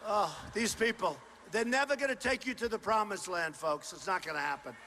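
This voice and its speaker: A man with a high, bright voice delivers a campaign rally speech through a stage microphone. He talks in punchy, repetitive, boastful bursts and often shouts to the crowd. The sound carries a long reverb from a large indoor hall, with a faint wash of crowd noise underneath. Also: very animated, fast talker. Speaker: political candidate. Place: large indoor university venue.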